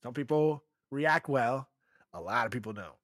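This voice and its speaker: Young male podcast co-host, bright and animated, dry close sound, crude casual banter. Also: mid-range voice, normal speed, no room sound. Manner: laughs often, swears, animated swings in loudness.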